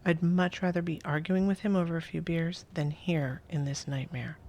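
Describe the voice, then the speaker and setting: A woman reads a first-person interactive story aloud, her voice soft and often dropping to a near whisper. She breaks off now and then for casual asides of her own. Her pitch sits a little low. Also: fairly even intonation, normal speed. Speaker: host reading an interactive story.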